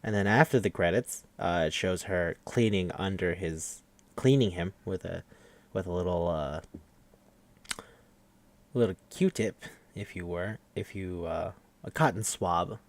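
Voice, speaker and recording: A man hosting a podcast, recapping an anime episode in an animated, profane, incredulous chat. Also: sits low, measured pace.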